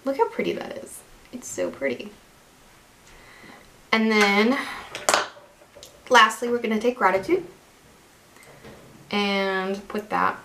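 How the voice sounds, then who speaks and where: A young woman beauty vlogger chats casually through a makeup tutorial, rambling, poking fun at herself, and restarting sentences. Her voice is mid-range and a bit bright.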